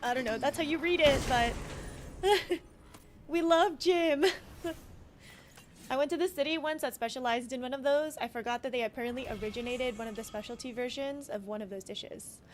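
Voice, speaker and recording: Giggly American woman streamer, bit high. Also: slight background noise. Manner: giggly, laughs often, chatty and animated. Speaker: game streamer. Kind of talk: casual chat while gaming.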